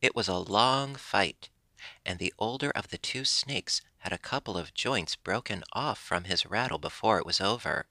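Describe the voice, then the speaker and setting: A man narrating a children's animal story in a measured, gently storytelling way. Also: fairly low pitch, dry recording. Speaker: audiobook narrator. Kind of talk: storybook reading.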